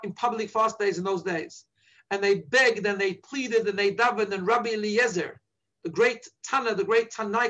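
Speaking as a rabbi, this man walks listeners through the liturgy, patiently going back over page references with an earnest, teacherly manner. He has a high, slightly bright voice, captured in dull-sounding audio.

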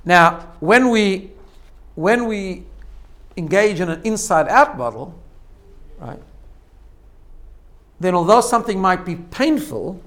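A man's voice: sits high, fairly bright tone. A man giving a spoken lesson, explaining step by step with frequent "right?" checks and repeated phrases. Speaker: teacher. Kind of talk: spoken lesson on self-growth.

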